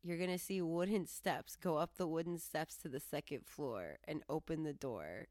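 Low smooth-voiced lady host rambling through a funny story, laughing, dry close sound. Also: moderate pace, no room sound. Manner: animated, laughing, quoting herself and others. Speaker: podcast host. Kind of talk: casual storytelling monologue.

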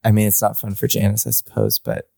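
A man's voice: lowish voice, big pitch swings, quick pace, vocal fry, dark tone, no echo, clean studio sound. A man who runs the game, chatting casually and joking in an irreverent, swearing way. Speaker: game master. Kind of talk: casual podcast chat.

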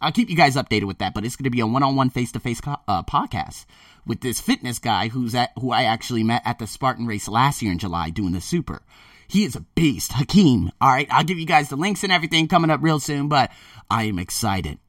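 A man talking casually to his viewers, emphatic and animated, often repeating himself. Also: mid-range voice, quick pace, no echo, studio quality, distant mic. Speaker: vlogger. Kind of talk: casual monologue to camera. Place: Thailand.

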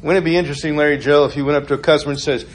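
A man's voice: fairly high pitch, steady tone, very fast. Chatty male preacher telling stories. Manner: conversational, storytelling, laughs often. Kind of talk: informal sermon.

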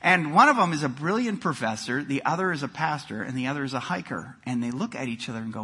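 A man preaching a sermon, telling jokes and stories with animated emphasis and frequent repeated words. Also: mid-range voice, a little fast, hardly any pauses, slightly rough. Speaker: pastor.

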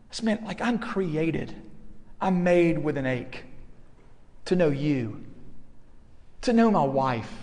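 A middle-aged man delivers an earnest sermon in a slightly high voice. His words ring with a long reverb, as if spoken in a large hall. He builds steadily toward emphatic, pressing points. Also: darkish tone. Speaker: campus ministry pastor.

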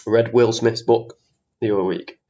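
A man's voice: mid-range voice, steady tone, moderate pace, mellow. A young man hosting his own podcast, talking in a chatty, ranting way, swearing casually and poking fun at himself. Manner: chatty, ranty, swears casually, self-mocking. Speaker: podcast host. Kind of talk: casual solo podcast monologue. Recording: slightly dull lo-fi podcast audio.

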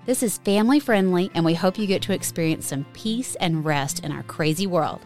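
A woman hosting a family devotional podcast, guiding listeners gently and reading scripture slowly and soothingly. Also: fairly low pitch, faint music behind. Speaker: podcast host.

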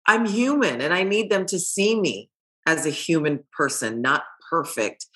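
A woman's voice: low-pitched, animated, normal speed, fairly bright tone. A middle-aged woman from Haiti, a podcast guest talking openly and emotionally, laughing often. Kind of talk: candid conversation.

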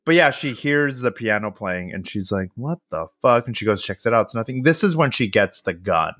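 Animated swearing man recapping a film. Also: fairly low pitch, moderate pace, no room sound, clean studio sound. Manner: animated, swearing, acts out quoted lines. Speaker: podcast co-host. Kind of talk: casual film recap chat.

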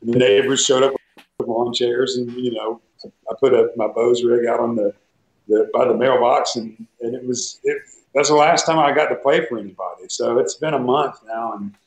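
A man's voice: mid-range voice, steady tone, moderate pace. A man, a guest musician, chatting casually from home on a video call, rambling in an easygoing way with many fillers. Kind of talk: casual conversation. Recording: echoey room with faint music.

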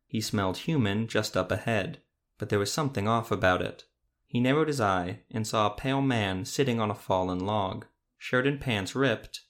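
Low-voiced man reading a fantasy story. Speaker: narrator.

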